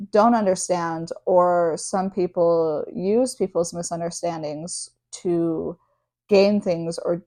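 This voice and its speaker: A young woman with a somewhat low voice talks casually to the camera. She is candid and chatty, full of fillers and side remarks as she speaks to her viewers. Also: mellow. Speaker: vlogger and service dog handler.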